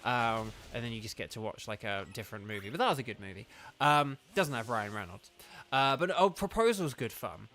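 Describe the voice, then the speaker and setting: Faint music plays behind this southern English game streamer, a young man who chats and rambles on his livestream, using "like" constantly. His mid-range voice is animated, a little fast and a bit bright.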